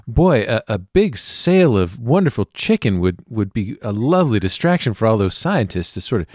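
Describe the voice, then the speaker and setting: A man's voice: on the low side, normal speed, no echo, clean studio sound. A man playing a tabletop game, bantering wryly with the others. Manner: wry, lively banter. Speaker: player. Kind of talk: tabletop role-play banter.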